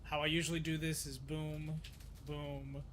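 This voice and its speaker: Swearing, excitable man streaming. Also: fairly high pitch, a little slow, a little hiss or hum. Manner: frustrated, swears constantly, talks to himself. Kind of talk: live game-stream commentary.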